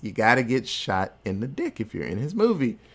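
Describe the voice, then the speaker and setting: Speaking briskly in a medium-pitched voice, a male podcast host gives a casual, scene-by-scene movie recap. The delivery is animated and loose, full of crude jokes.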